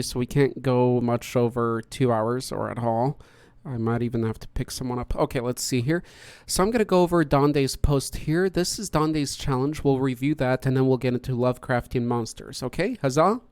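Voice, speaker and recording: A man hosts a podcast over online voice chat, with a smooth, resonant voice recorded dry and close. He talks casually and greets each guest in turn. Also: mid-range voice, moderate pace, hardly any pauses, a little mellow, no echo. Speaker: podcast host.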